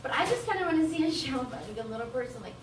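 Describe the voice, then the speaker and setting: A woman's voice: sits high, lively intonation, racing. A young woman from Bolivia doing a stand-up comedy set, rambling, crude and laughing often. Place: small venue with live audience. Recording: roomy, distant live room recording with noise.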